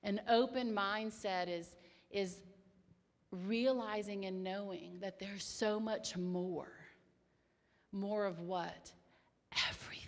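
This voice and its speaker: Woman preaching, slow and deliberate, long reverberant hall. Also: mid-range voice. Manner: swings from hushed whispers to loud exclamations; storytelling, animated and emphatic. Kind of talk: sermon.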